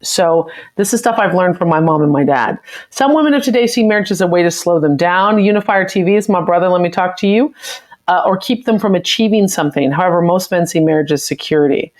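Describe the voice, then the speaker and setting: Chatty opinionated American woman, low voice. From United States. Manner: chatty, opinionated, quick reactions. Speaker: livestream host. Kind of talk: live chat reading viewer comments.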